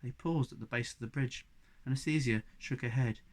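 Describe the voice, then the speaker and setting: A man reading a novel aloud as audiobook narration, measured and expressive, at a middling pitch. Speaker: reader.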